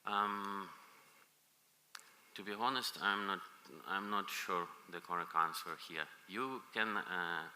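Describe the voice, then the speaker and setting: A man presenting at a conference and answering audience questions, pausing often with filler sounds. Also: sits low, fairly even intonation, sharp tone. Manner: halting, many filler pauses. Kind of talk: technical Q&A. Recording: reverberant conference hall, faint noise.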